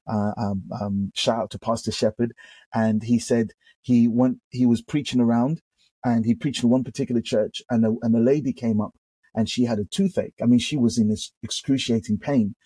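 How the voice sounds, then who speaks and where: A British pastor tells his story as a guest, restarting his sentences and picking up energy as he goes. His voice is warm and mellow with a husky edge. He is recorded close and dry. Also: mid-range voice, moderate pace, dry recording. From United Kingdom. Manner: animated storyteller with frequent restarts. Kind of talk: conversational testimony.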